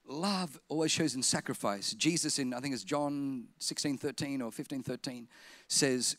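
High, bright-voiced animated male preacher. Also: moderate pace, dry recording. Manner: animated humorous storytelling, bursts into shouting. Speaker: pastor. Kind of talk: sermon.

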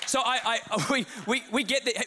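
Man, Australian accent, pastor, high voice, comic sermon storytelling. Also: normal speed, some chatter behind, a little hiss or hum. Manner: animated, comic, self-mocking storyteller.

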